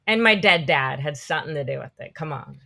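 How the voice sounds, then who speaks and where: A woman in her fifties, a podcast guest, telling animated, rambling stories in a casual interview. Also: low voice, a little fast, creaky. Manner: animated, rambling storytelling full of "like".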